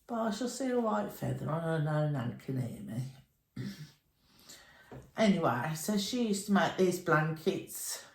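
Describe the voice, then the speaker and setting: Middle-aged woman, chatty home vlogger, slow and meandering, echoey room. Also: low voice, big pitch swings. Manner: chatty, meandering, nostalgic storytelling. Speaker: crochet vlogger. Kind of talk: rambling reminiscing chat.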